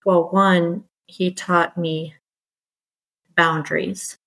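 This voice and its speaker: Animated woman telling her story, lowish voice. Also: drawn-out words, low-quality recording. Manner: animated, exasperated, quoting others in lively bursts. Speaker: podcast guest. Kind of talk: candid conversational storytelling.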